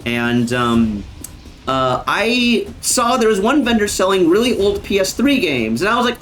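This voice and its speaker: A man's voice: sits high, sing-song, unhurried, fairly bright tone. Rambling, cursing young male streamer. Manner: rambling, swears often, frequent fillers. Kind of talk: casual live-stream chat.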